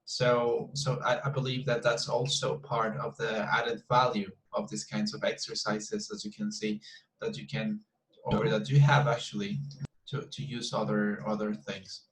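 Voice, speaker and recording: A man's voice: on the low side, level tone, a little slow, fairly bright tone, a little hiss or hum. A man teaching an English class over a video call, talking in a rambling, encouraging way with frequent restarts. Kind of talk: online class discussion. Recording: roomy echo.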